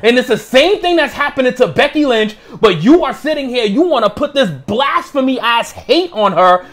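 A man co-hosting a heated wrestling debate, talking loudly and cutting in over his co-host. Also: very high voice, expressive, normal speed. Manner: loud, combative, talks over the other host.

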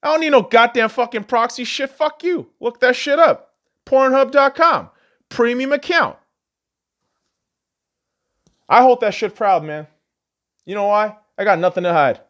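Male podcast host, furious profane rant, very lively pitch, shouts then mutters. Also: moderate pace. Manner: angry, insulting, swings between yelling and muttering.

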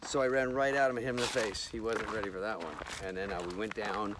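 A man's voice: lowish voice, steady tone, quick pace. A comedian telling a story in casual chat on a hike. He acts out quoted lines and swears often. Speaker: comedian guest. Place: outdoors on a mountain trail. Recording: outdoor background noise.

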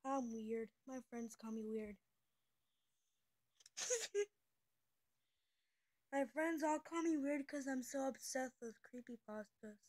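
A woman's voice: high voice, expressive, slow, pauses often, a little mellow. A young female speaker who says she is twelve, chatting casually and giggling often as she hops between topics. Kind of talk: casual chat on a call.

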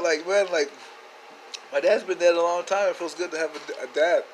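Man, slightly higher voice, rambling casual storyteller who gets loud and excited; phone video message with faint ambience behind. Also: fairly quick, slight background noise, rough recording. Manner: rambling and laid-back, with many fillers and casual swearing. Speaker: sender of a video message to a friend.

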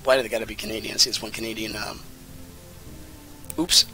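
A man in his thirties giving casual, rambling and jokey commentary while playing a game, with sudden excited outbursts. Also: fairly low pitch, quick pace, faint music behind. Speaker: let's play commentator.

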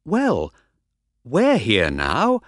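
Man voicing a quiet, teasing woman traveler. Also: medium pitch, huge pitch swings, drawn-out words, no echo, clean studio sound, pitched above the performer's own voice, full character voice.

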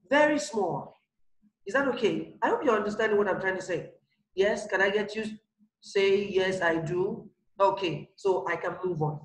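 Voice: medium pitch, echoey room, poor audio. A primary school teacher giving an online English grammar lesson, repeating each example and checking that pupils understand. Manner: repetitive, explains slowly with examples, checks understanding.

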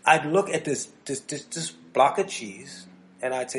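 Brief: male podcast co-host from New Jersey, mid-pitched, loose rambling storyteller who acts out little voices. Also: animated, unhurried, a little hiss or hum. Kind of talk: casual chat.

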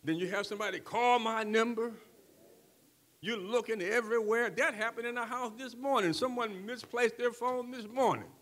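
An older man preaching a sermon, who keeps checking in with the congregation and moves from quiet talk to shouting. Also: very high-pitched, moderate pace. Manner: call-and-response preaching, swings from soft talk to shouting. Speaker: pastor.

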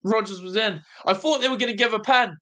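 Young guy doing a live footy watch-along, high pitched, swings from groaning to yelling. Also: fairly quick. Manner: anxious, excitable, swings from groaning to shouting. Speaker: fan watch-along host.

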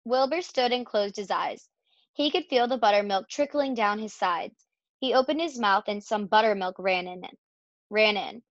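A woman reading a children's storybook aloud in a steady, expressive way. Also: mid-range voice, normal speed, dry recording. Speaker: reader. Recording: dull, dry lo-fi recording.

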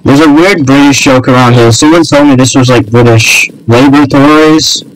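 A man's voice: medium pitch, normal speed, a little hiss or hum, low-quality recording. A young man hosting a casual game video, rambling and joking with lots of fillers and swearing. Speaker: gamer and video host. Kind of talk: casual gameplay role-play chat.

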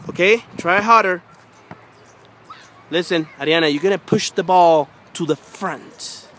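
Man, outdoor coaching, repetitive encouragement, faint background noise. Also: unhurried. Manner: encouraging, repetitive coaxing, gets loud and high when urging. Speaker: father coaching his daughter at basketball. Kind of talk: casual coaching. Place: outdoors by a hoop.

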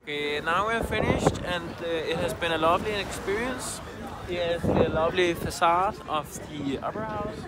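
A man's voice: fairly high pitch, a loud crowd, very noisy. Hesitant Danish-accented young man. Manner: hesitant, many pauses. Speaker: student vlogger. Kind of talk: casual vlog commentary. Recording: loud music behind.

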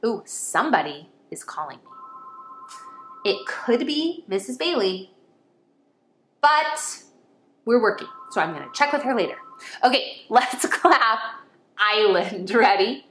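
A woman teaching young children an online lesson, her voice high and swooping with lively exclamations. She talks slowly and warmly to them as friends, recorded in an echoey room. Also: slight background noise. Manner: animated, exclaiming, sing-song, speaks to children as friends. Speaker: kindergarten teacher.

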